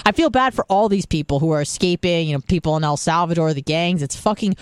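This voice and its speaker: Woman, talk radio co-host, heated, profane, smooth voice, dry close sound. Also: on the low side, fast talker, no room sound. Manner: heated and profane, then apologetic. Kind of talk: opinionated talk radio chat.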